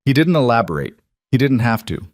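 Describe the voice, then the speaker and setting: A man narrating a romantic thriller audiobook in a steady, measured storytelling manner. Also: mid-range voice, dry recording.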